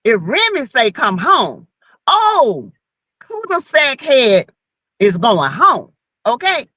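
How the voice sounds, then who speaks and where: A woman's voice: high voice, wildly swooping pitch, slow, sharp tone, dry recording. A woman co-hosting a casual gossip show, giving sassy, scolding commentary. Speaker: co-host.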